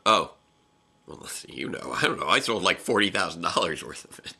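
Animated young man with a bright voice. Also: sits low, fairly quick, creaky, husky. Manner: animated, exclamatory, stammers and restarts. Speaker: co-host of a reaction video. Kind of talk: casual live reaction chat. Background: television episode playing.

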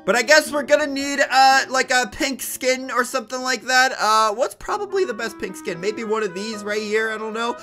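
A young man in his twenties, a gaming YouTuber giving excited, jokey commentary with bursts of mock outrage. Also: very high-pitched, normal speed, hardly any pauses, faint music behind.

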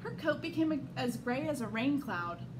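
A school staff member, a woman, reading a children's picture book aloud in an expressive storytelling manner. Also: high-pitched, normal speed, background noise.

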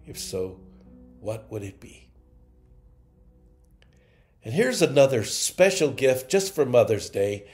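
A male chapel minister closing a prayer and moving into a devotional reading. His voice sits at a middle pitch and he speaks slowly, calm and reverent throughout. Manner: calm, measured, reverent delivery.

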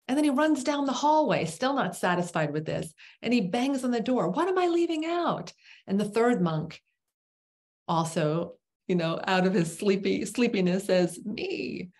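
A woman teaching as a spiritual teacher, telling a parable slowly with dramatic pauses and dropping into a whisper on key words. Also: mid-range voice, lively intonation, a little mellow.

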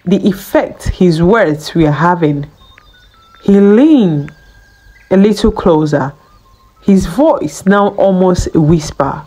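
Female storyteller, unhurried folktale narration, lively melodic pitch. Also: rough recording. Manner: slow, lilting storytelling delivery.

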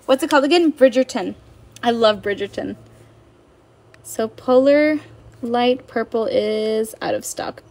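Bubbly high-voiced young woman on livestream. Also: measured pace, long pauses, darkish tone. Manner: bubbly, chatty, reads viewer comments aloud. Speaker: livestream seller. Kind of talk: casual livestream chat.

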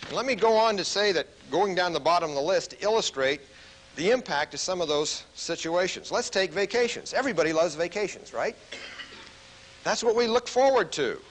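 A military officer giving a stress management lecture to a group, telling stories and asking the audience questions. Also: male voice, sits high, fairly quick, slight background noise, rough recording. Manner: animated storyteller who asks the audience questions.

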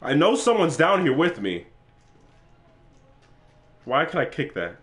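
An excitable man talks through a horror game for his channel, his pitch swinging widely from low mutters to high yelps. His voice has a bright, forceful edge, and he swears freely. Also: unhurried, pauses often, a little hiss or hum. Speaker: gaming channel host. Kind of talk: let's play commentary.

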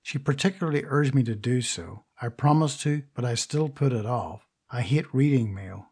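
A man's voice: mid-range voice, normal speed, darkish tone, husky. A man reading a vain, indignant stage actress. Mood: indignant gossip. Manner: gossipy, indignant confiding. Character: vain grand stage actress, middle-aged woman. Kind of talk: audiobook reading.

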